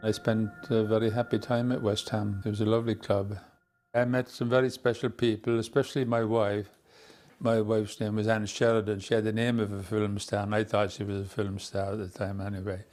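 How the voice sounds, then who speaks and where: A man's voice: on the low side, level tone. An older man with an Irish accent, a former footballer fondly telling stories in an interview. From Ireland. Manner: fond, unhurried storytelling with soft laughs. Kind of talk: reminiscing interview.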